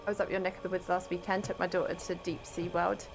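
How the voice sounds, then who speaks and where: A woman's voice: lowish voice, level tone, quick pace, music in the background. Chatty woman streamer reading chat. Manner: chatty, reads chat aloud, exclaims at the game. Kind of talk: casual live-stream chat while gaming.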